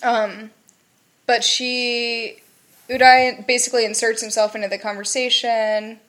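Giggly high-voiced woman co-host. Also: unhurried. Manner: giggly, animated storytelling. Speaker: podcast co-host. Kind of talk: casual chat.

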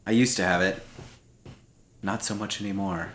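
A man's voice: deep voice, fairly even intonation, normal speed, a bit bright. A man co-hosting a podcast in casual chat, rambling and poking fun at himself, laughing often. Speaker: podcast co-host.

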